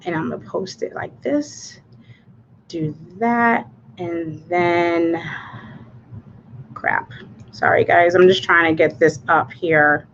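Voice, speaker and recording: A woman's voice: on the low side, slow, long pauses, fairly bright tone, lo-fi sound, slight background noise. A woman hosting a casual personal livestream. She talks in a chatty, rambling way with many fillers and restarts, and her voice sounds anxious and cracks. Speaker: livestream host.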